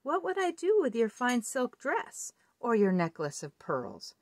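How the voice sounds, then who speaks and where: A woman voicing a small, ugly, persistent male frog in a children's storybook read-aloud, in a high wheedling voice. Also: wildly swooping pitch, unhurried, a little mellow, dry recording, studio quality, heavily acted. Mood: coaxing.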